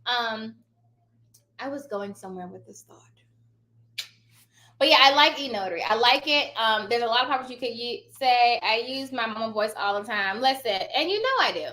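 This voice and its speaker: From a home office, a notary trainer hosts a relaxed live stream, chatty and rambling, regularly losing her thread and breaking into laughter. She speaks at normal speed in a slightly high, sharp-toned voice. The audio sounds roomy.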